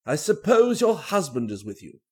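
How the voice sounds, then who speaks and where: A reader voicing an older theatrical man, hearty and blunt, in a lowered voice. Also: very animated, normal speed, husky. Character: gruff older theatrical man with bushy eyebrows.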